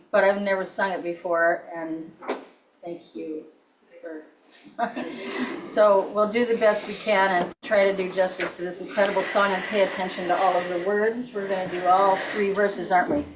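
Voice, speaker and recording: A woman's voice: medium pitch, a little hiss or hum. A woman musician making chatty, self-deprecating remarks before a hymn in a church. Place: church sanctuary. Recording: distant, echoey room mic with loud music.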